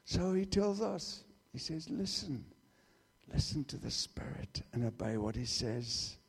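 A man preaching a sermon in church, emphatic, swinging between loud declarations and hushed asides. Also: medium pitch, expressive, measured pace, creaky, breathy edge. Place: church hall. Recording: reverberant hall.

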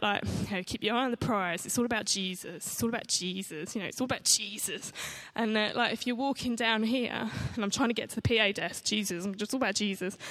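A woman giving an informal, excitable sermon and testimony, chatty and rambling, often restarting her sentences. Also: fairly high pitch. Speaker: church speaker giving testimony.

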